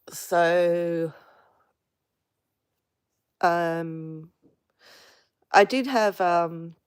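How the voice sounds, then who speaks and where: A woman speaking frankly in a casual live personal vlog, halting with many fillers and restarts as she vents. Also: low-pitched, dry recording, studio quality. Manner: frank, venting. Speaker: vlogger on a live stream.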